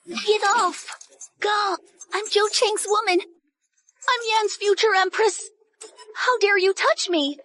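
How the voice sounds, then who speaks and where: An actress playing a proud, spoiled young noblewoman in an animated drama, talking in a shrill, pleading, emotional way. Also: slow, pauses often, full character voice. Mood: indignant.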